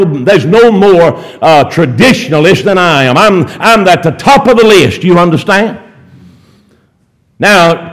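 A man preaching a fervent sermon, swinging between loud exhortation and low murmured asides.

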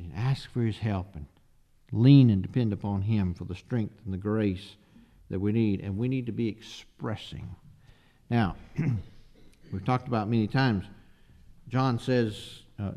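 A man's voice: fairly low pitch, mellow. A man preaching a sermon, emphatic and asking the listeners rhetorical questions.

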